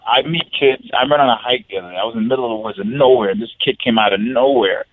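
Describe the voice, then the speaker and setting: A man's voice: medium pitch, rapid-fire, hardly any pauses, phone-quality sound. A man speaking as a guest fighter on a podcast, telling stories bluntly and profanely and acting out what people said. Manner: blunt, profane storyteller who acts out quotes. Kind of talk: casual podcast chat.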